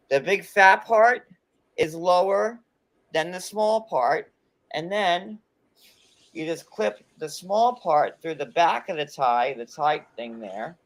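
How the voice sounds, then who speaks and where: A man's voice: a little high, fairly bright tone. A man co-hosting a casual chat, sarcastic and rambling with many fillers. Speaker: podcast co-host.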